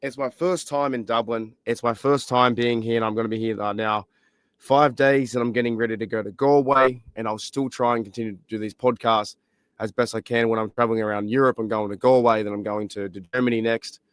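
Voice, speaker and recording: Australian male podcast host, voice shot and hoarse, chatty and rambling, mid-pitched, close and dry sound. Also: brisk, dry recording. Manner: rambling, excitable, many fillers. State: hoarse, lost voice. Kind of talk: casual solo podcast chat. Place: library.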